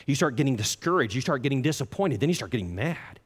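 Male preacher, earnest sermon, pitch swings a lot, long hall reverb behind him. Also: big pitch swings, quick pace, slightly rough. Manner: earnest, acts out the listener's complaints in quoted asides.

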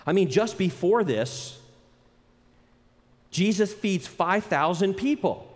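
Lively preaching man in a reverberant hall. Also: fairly high pitch. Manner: animated, acts out quoted voices, laughs often. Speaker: pastor. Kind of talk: sermon.

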